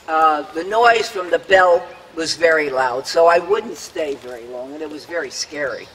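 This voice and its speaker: An older man with a fairly high, slightly bright voice and lively intonation speaks at normal speed, sounding as if in a large hall, with a little hiss or hum on a rough recording. The setting is an outdoor public dedication ceremony. His prepared, earnest memorial speech reminisces about the past while he acts out the voices he quotes.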